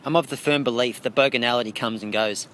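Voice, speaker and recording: An Australian man talking through interview answers about his art, his delivery dry and wry. His voice sits at an ordinary middle pitch, and a faint hiss of noise runs under the recording. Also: quick pace, fairly bright tone. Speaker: interviewed artist.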